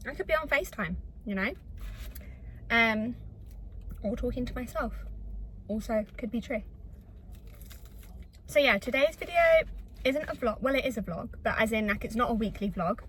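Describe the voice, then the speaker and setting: A woman from England, chatting and rambling to camera in a casual vlog from her car, self-deprecating and lively. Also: a little high, moderate pace, long pauses, a little hiss or hum, low-quality recording. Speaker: vlogger. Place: in her car in a retail park.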